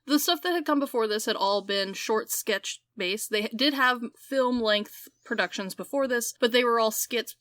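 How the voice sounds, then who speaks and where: Animated young woman, podcast co-host. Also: a little high, dry recording, studio quality. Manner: animated, quick bursts, laughs. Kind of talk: casual chat.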